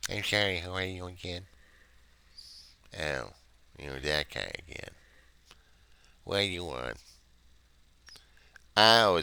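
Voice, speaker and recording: A dismissive, bored insurance authorization clerk, put on by a man brushes off a caller with sarcastic put-downs. The voice is gravelly and lively in pitch, with a bright, sharp edge, recorded close and dry. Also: dry recording, exaggerated voice.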